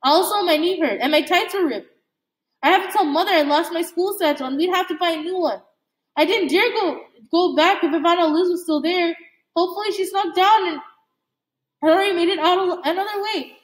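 A woman reading a novel aloud in a halting way, with slips and restarts. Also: very high voice. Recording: echoey room.

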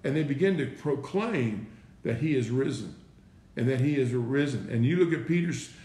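A man's voice: mid-range voice, animated, moderate pace, dark tone. Earnest preacher man in an echoey room. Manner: repeats himself, asks rhetorical questions, says "right?" and "listen". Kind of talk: informal sermon.

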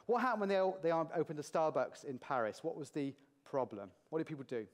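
British male conference speaker, slightly high voice, playful, quizzes the room. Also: fairly quick, big-room sound. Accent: British English. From Britain. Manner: lively, jokey, asks the audience questions. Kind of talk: conference talk. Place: large conference hall with audience.

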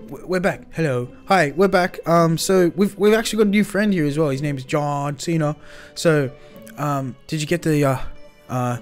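Young male roleplay host, slangy and hyped, voice on the high side, faint music underneath. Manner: excitable, slangy, quick shifts between shouting and muttering. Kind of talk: improvised game roleplay.

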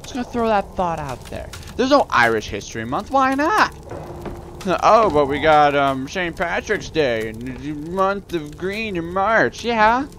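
Brief: young man with a slightly high voice, rambling rant-filled gameplay commentary. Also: very animated, a little slow, fairly bright tone, slight background noise. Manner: rambling, ranting. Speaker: let's play gamer.

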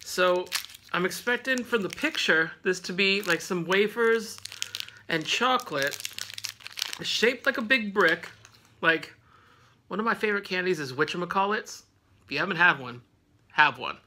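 A man's voice: high-pitched, animated, unhurried, long pauses, sharp tone, slight background noise. A man hosting a casual snack review vlog at home, rambling with lots of fillers and laughing often.

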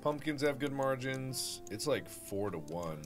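A man's voice: mid-range voice, big pitch swings, slow pace, over music. A man streaming a farming game, chatting casually and joking while he talks through his plans. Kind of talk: casual gameplay chat.

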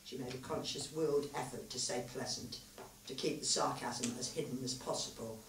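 A woman author reading her own story aloud at a literature festival, in measured, expressive storytelling. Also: rumbling low, background noise. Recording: roomy live hall, far mic.

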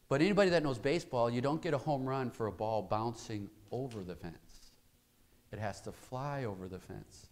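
A man preaching in a church with a mid-range voice, talking like he is chatting with the congregation. He tells stories and keeps asking rhetorical questions, shifting between lively emphasis and quieter moments. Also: medium pitch, normal speed. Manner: conversational storytelling with rhetorical questions. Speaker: pastor. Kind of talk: sermon.

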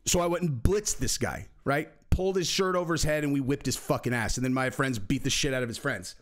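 A man's voice: mid-range voice, a little fast. A young man hosting a channel, telling a story in casual, profane talk, acting out other people's voices. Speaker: channel host.

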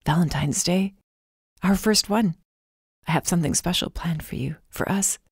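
Woman doing a weak sick young guy, low hushed voice, begging quietly. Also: normal speed, breathy edge, no room sound, clean studio sound. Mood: weak, pleading. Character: young man, gravely ill and weak. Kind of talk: audiobook character voice.

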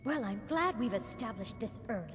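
A woman's voice: fairly high pitch, animated, fairly quick, lightly acted. An actress playing a prim, disapproving female mage companion in a video game. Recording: game audio with reverb and music.

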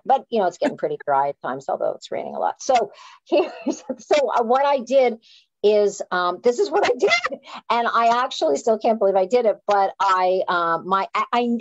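A woman's voice: medium pitch, no room sound. A woman who is an author and playwright, telling a story casually with lots of restarts. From Canada. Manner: animated, self-deprecating, frequent restarts. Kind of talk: casual storytelling on a live chat. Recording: dull, dry sound.

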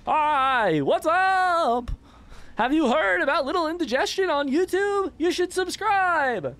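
A man voicing a squeaky, chirpy game character in a high, sing-song, exaggerated voice. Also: lively intonation, slow, a bit bright, full character voice.

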